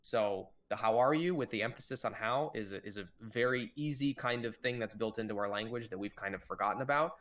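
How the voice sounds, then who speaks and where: A young man with a fairly low voice chats casually on a podcast. He is animated and changes his voice when he quotes what people say. His tone stays relaxed and conversational throughout. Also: a little fast, few pauses. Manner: animated, shifts pitch to act out quoted dialogue. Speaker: podcast co-host. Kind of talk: casual chat.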